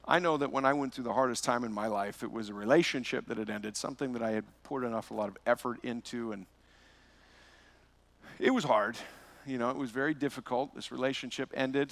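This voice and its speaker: A man's voice: mid-range voice, creaky, fairly bright tone. A man preaching a verse-by-verse sermon as pastor, telling a personal story with rhetorical questions.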